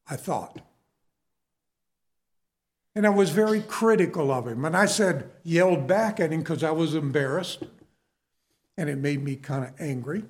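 A man's voice: fairly high pitch, lively intonation, moderate pace, pauses often. A middle-aged man preaching a sermon, telling his own story in a conversational way and asking the listeners questions.

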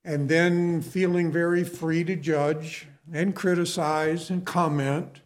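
A middle-aged man preaching in an unhurried, easy rhythm, pausing between phrases. His voice sits a little high for a man. He tells personal stories and keeps asking his listeners questions. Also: little pitch movement. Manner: storytelling, conversational preaching with rhetorical questions. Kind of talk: sermon.

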